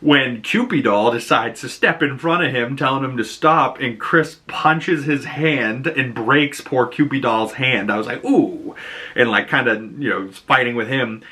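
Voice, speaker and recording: Chatty man with a bright, forceful voice. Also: mid-range voice, normal speed, hardly any pauses. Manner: chatty, lots of "you know" and "like". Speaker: video reviewer. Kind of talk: casual episode recap and reaction.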